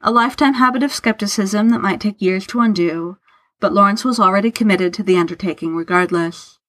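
A woman narrating fiction aloud in an unhurried, even storytelling manner. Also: medium pitch.

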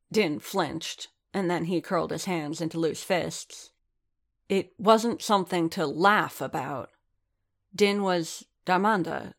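Low, gravelly-voiced woman reading a story. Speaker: narrator. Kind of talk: fan fiction reading aloud.

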